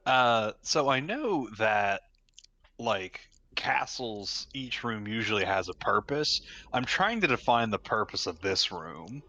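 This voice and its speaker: Male player with a low but bright, forceful voice; curious, questioning table talk. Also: expressive, slow, no room sound. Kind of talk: casual tabletop role-play.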